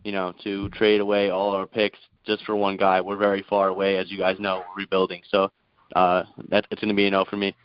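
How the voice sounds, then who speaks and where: A man's voice: sits low, completely flat delivery, brisk, clear, resonant tone, no room sound, dull audio. A man calling in to a sports talk show, speaking hesitantly with lots of fillers and restarts. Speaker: caller. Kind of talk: casual sports call-in chat.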